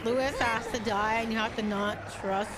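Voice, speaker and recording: A young woman streams a game from her home mic, her voice sitting fairly high. She swears freely and sounds exasperated with the game, yet greets her chat warmly. The talk is loose and casual. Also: steady tone, moderate pace, heavy background noise. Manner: profane, exasperated, laughs often, greets chat affectionately. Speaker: VTuber streamer.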